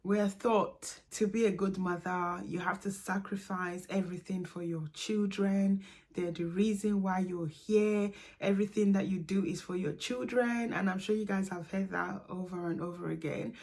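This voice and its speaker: Candid single mom vlogging to camera. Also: female voice, medium pitch, steady tone, moderate pace, darkish tone. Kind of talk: candid talking-to-camera vlog.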